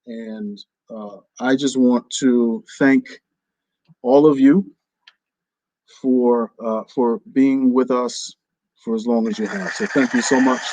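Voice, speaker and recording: A man from New Jersey hosts a business radio show with a joking, overdramatic flair. His voice sits at an ordinary pitch and is recorded dry and close, with no room sound. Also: darkish tone, no echo, low-quality recording. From New Jersey, USA. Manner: playful and theatrical, jokingly overdramatic. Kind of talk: casual radio talk.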